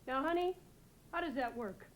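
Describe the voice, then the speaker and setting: A young woman from New England doing a deadpan stand-up set, hesitating with many "uh"s. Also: sits high, moderate pace. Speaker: stand-up comedian. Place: TV studio stage before a live audience. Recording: loud audience laughter and noise.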